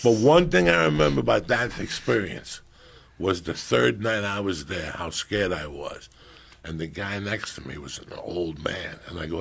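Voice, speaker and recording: A middle-aged man with a gravelly, husky voice telling a profane comic story on a podcast, animated and loud at times, hushed at others. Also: low voice, moderate pace.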